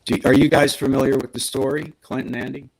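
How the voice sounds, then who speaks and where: Man, husky voice, mid pitch, animated podcast storyteller, acts out quotes. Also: fast talker, poor audio. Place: podcast studio.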